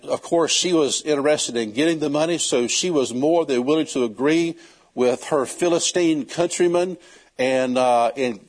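A man preaching, telling a Bible story in a folksy, animated way and acting out the characters. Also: mid-range voice. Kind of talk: storytelling sermon.

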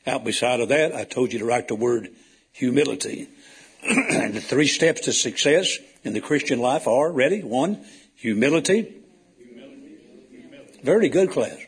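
A man's voice: medium pitch, breathy edge. A man preaching a sermon to his congregation in a folksy, storytelling way that rises to emphatic calls.

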